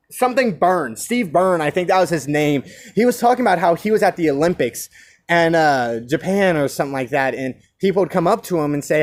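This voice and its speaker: A young man ranting alone about division and free speech, impassioned, firing rhetorical questions and restarting his phrases. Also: high voice. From United States. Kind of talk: solo rant.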